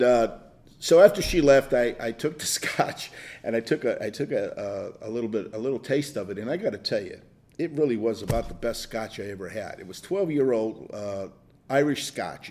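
A man's voice: medium pitch, expressive, normal speed, darkish tone. Older man, bible study teacher, rambling storyteller, chuckles and restarts.

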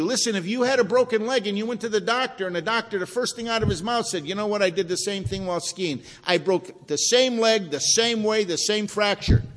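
A man's voice: sits high, long reverb tail. A pastor preaching a sermon to his congregation in a conversational way, asking them questions as he goes. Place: church sanctuary, also streamed online.

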